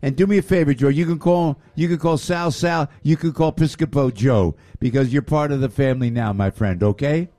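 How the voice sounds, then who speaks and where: Excitable New radio host. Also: male voice, on the high side, a little fast, hardly any pauses, dry recording. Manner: excitable, effusive, raises voice often. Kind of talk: lively radio show chat.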